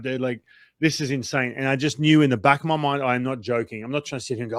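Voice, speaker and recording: Animated man telling a story. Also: medium pitch, dry recording, clean studio sound. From Australia. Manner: animated, acts out quotes, swears, fast run-on storytelling. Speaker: former baseball pitcher, guest. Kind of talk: casual storytelling interview.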